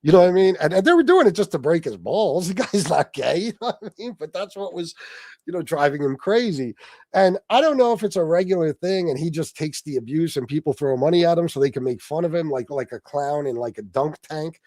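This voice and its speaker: A man's voice: a little high, animated, a little fast, warm tone, dry recording, studio quality. Profane, laughing male livestream host. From Sicilian heritage. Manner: profane, laughing storyteller, reads chat aloud. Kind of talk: casual livestream chat.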